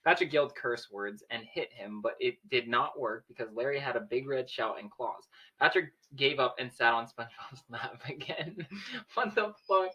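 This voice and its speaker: A man's voice: mid-range voice, moderate pace, few pauses, pushed and bright, slightly rough, highs cut off. A young man casually reading a story aloud with friends, laughing and swearing.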